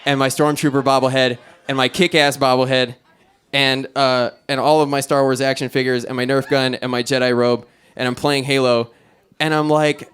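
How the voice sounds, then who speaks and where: A man's voice: medium pitch, moderate pace, clear, resonant tone. A young man doing stand-up at an open mic, telling a long profane story and acting out the other people in it. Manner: profane, rambling, animated storytelling with quoted voices. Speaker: stand-up comic. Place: small club stage.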